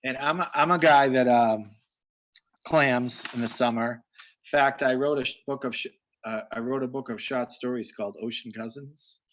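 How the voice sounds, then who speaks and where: Telling meandering stories to children on a relaxed video call, this Massachusetts host keeps starting his sentences over. He has a mid-range, slightly bright voice with fairly even intonation and a moderate pace.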